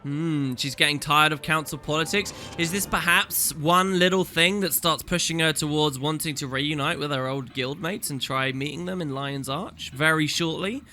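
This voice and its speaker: A man's voice: on the high side, normal speed, few pauses, pushed and bright, soft background music. A man hosting a let's play, commenting casually on a game with an amused, chatty manner. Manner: chatty, amused, reading dialogue aloud.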